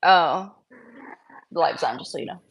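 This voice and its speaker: A dog breeder chats on a casual home live stream, alternating high sing-song baby talk for the puppies with lower, conversational asides. She speaks at normal speed in a gravelly, slightly rough voice, and the audio quality is poor.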